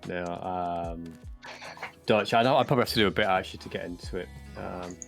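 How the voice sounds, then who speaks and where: A low-pitched English man rambles through a casual livestream chat, stopping to correct himself and joke. Soft music plays underneath his voice. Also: a little fast, creaky. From England. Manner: rambling, self-correcting, jokey. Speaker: Minecraft map maker and voice actor.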